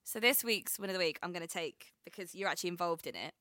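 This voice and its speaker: A woman's voice: fairly low pitch, fast, sharp tone, no echo, studio quality. A young woman co-hosting a podcast in casual chat, laughing often and acting out quotes. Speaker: podcast co-host.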